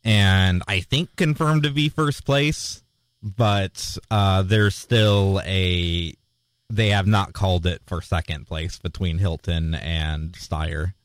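Chill guy with a really deep voice, talks slow, lots of yeahs, dry mic. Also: steady tone, dry recording. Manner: laid-back, agreeable, frequent short "yeah" replies. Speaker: podcast co-host. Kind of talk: casual chat.

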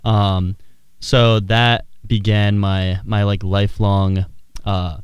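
A man's voice: on the low side, level tone, takes it slowly, smooth, no echo, muffled recording. A young man, a college student, chatting casually with friends on a radio show, telling stories with many hesitant fillers. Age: young adult. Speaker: co-host. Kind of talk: casual chat.

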